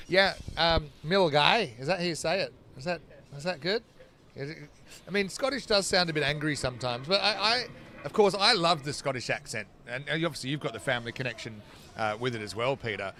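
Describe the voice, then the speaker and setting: A man's voice: on the high side, fairly quick, sharp tone. A man from Australia commentating live cricket, chatting between balls and breaking off to call the play. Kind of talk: live sports commentary and chat.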